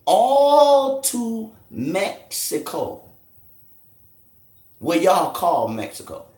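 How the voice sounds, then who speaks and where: A forceful man lectures and interrogates a group, swearing freely as he teaches. His voice sits high for a man and swings widely up and down. The sound rings around an echoey room. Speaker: street teacher debating a crowd. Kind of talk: confrontational street lecture.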